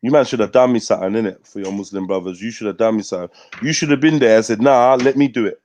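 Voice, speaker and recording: Hosting a live news talk stream, a man rants casually and bluntly, packed with swearing and street slang. His voice is fairly low and a little mellow, he talks at a racing speed, and the recording is dry.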